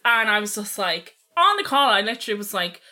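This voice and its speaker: A woman's voice: medium pitch, big pitch swings, fairly quick, pushed and bright. A young Irish woman in her twenties co-hosting a podcast, telling a candid story in casual chat, swearing freely and laughing often. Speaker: podcast co-host.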